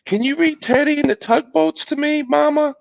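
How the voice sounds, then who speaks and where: A man voicing a small boy who is scared of storms, in a high childlike storybook voice. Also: normal speed, gravelly, no room sound. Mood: worried. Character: little boy, timid of storms. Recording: dull lo-fi video call audio.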